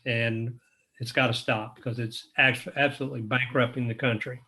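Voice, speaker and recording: A man speaking in a measured, explanatory way on an online panel discussion. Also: mid-range voice, flat delivery, sharp tone.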